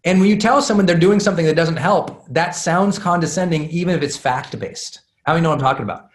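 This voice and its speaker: A man's voice: a little high, fast talker. Candid man teaching in an echoey room. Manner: candid, self-deprecating, many fillers and restarts. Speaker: class speaker. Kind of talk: live talk to an audience.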